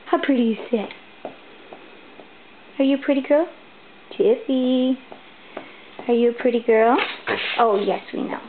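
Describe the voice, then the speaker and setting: A woman coos at her dogs in playful, sing-song baby-talk. Her voice is high and her pace leisurely. The tinny home recording carries a faint hiss. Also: a little slow, long pauses. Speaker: dog owner filming her pets. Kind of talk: baby-talking to pets. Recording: tinny, lo-fi home video audio.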